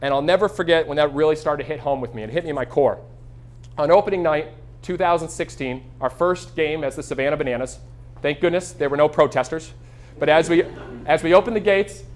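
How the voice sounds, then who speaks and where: Fast-talking man giving a live keynote. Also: a little high. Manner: energetic storytelling, acts out quoted voices. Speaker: keynote speaker. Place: stage before a live audience.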